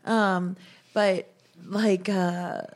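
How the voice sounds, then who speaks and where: A woman's voice: mid-range voice, little pitch movement, very slow. Southern lady podcast cohost, blunt and crude, does voices. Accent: Southern American. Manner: blunt, profane, mimics voices. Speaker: podcast co-host. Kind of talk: casual podcast chat.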